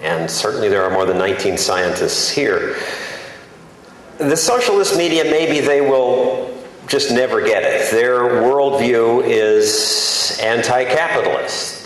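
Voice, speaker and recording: A man's voice: mid-range voice, a little slow. A man who is a journalist, giving an emphatic, plainspoken, self-deprecating speech to an audience in a large conference hall. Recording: very echoey hall, faint background noise.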